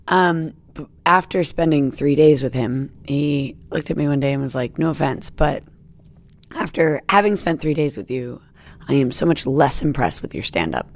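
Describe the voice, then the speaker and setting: A young American woman comedian talks through her year in a loose, rambling podcast chat. Her voice sits very low and carries a gravelly fry, and she keeps backtracking with fillers and restarts. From United States. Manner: chatty, rambling with fillers and self-corrections. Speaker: stand-up comedian guest. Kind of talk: casual reflective chat.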